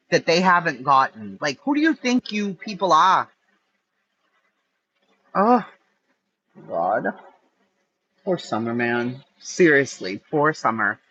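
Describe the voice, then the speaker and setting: A woman's voice: lowish voice, fairly bright tone, husky. An older woman hosting a true-crime channel, ranting angrily and profanely during a livestream. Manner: angry, profane, exasperated ranting. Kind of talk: livestream rant. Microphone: phone. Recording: dull lo-fi sound.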